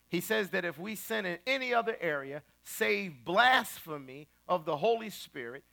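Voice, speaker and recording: A man preaching a sermon in a colloquial, emphatic style, rising to loud repeated lines. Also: sits high, vocal fry. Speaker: pastor.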